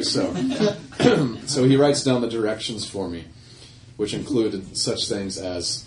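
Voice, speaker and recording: A man's voice: on the low side, takes it slowly, slight background noise. A male singer-songwriter telling a rambling anecdote between songs, with laughs and self-corrections, in front of a live audience. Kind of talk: stage banter and storytelling. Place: live music venue with audience. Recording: echoey live room from far off.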